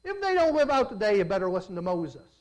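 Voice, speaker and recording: A preacher voicing God as a calm, all-powerful divine judge, in a low, hushed, dryly commanding way during sermon storytelling. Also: quick pace, natural voice.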